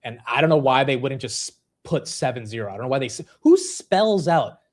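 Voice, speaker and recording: A young man hosting a casual livestream, laughing at himself and reacting quickly to the chat. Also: mid-range voice. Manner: animated, self-mocking, reacting to chat. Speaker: livestream host.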